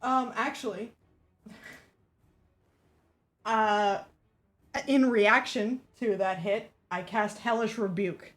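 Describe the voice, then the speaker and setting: A woman's voice: medium pitch, steady tone, slow pace, long pauses. A woman playing a tabletop game, casual and blunt, with frequent giggles. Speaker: player.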